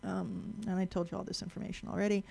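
Brief: woman speaker at a live talk, gravelly edge, mid pitch, chatty, restarts her words. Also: little pitch movement, quick pace, mellow. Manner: asks the audience questions. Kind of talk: lecture to a live audience.

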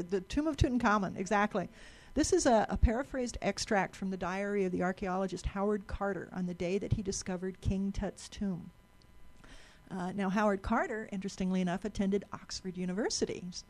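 A woman speaks to a live audience in a lecture room, chatty and explanatory. Her mid-pitched voice has a gravelly edge, and she often restarts and repeats words as she goes. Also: darkish tone. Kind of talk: live presentation talk.

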